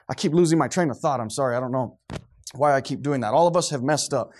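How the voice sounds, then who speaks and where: A man's voice: mid-range voice, fast, a little mellow. A middle-aged man preaching a sermon to a congregation, fervent and preachy, sometimes losing his train of thought.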